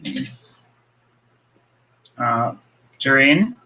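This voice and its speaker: A young man from Trinidad hosting a live video call book chat, relaxed and hesitant with fillers. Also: mid-range voice, drawn-out words. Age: young adult. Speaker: host. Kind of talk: casual live-stream chat. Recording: dull lo-fi video call audio.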